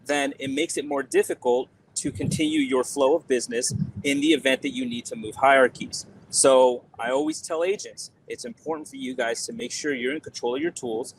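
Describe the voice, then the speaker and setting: A man's voice: mid-range voice, fairly quick, slight background noise, rough recording. A man who is a guest on a podcast, explaining his views in an emphatic, persuasive way over a video call. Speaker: podcast guest, insurance software expert. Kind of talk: casual podcast interview.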